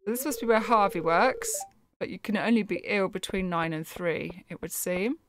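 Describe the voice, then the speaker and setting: A woman gives gameplay commentary in chatty, wry asides. Her voice sits at a middle pitch. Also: normal speed, a bit bright, a little hiss or hum. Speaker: gameplay streamer. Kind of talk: let's play commentary.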